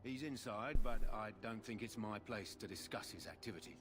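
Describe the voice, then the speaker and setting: A man's voice: on the low side, brisk, natural voice. A man playing an admiring, gossipy castle guard. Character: chatty castle guard, loyal to his commander. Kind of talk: video game voice acting.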